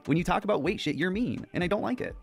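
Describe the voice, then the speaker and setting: A man's voice: sits high, animated, quick pace, creaky, slightly rough, soft background music. A man in a heated argument, confrontational, interrupting and swearing. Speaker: podcast guest in argument.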